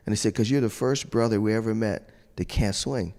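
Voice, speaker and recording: A middle-aged man with a lowish voice tells an animated story, acting out the voices of the people he quotes and laughing now and then. His voice rings with the long reverb of a large hall. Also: fast. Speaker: trumpet player on a judges panel. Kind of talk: storytelling to an audience.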